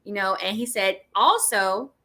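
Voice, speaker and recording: A woman's voice: medium pitch, unhurried, bright, forceful tone. A middle-aged woman co-hosting a podcast, chatting casually and animatedly about a book, often acting out quoted voices. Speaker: podcast co-host. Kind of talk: casual book discussion chat.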